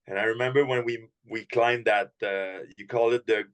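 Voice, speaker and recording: Relaxed man telling hockey stories. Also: on the low side, normal speed, poor audio. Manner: relaxed storyteller, many fillers like "like". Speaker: hockey skills coach. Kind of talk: casual podcast chat.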